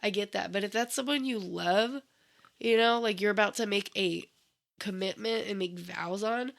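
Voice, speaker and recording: A woman's voice: medium pitch, normal speed, creaky. A woman casually chatting about a film she watched, with many likes and you-knows. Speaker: movie reviewer. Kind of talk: casual chat.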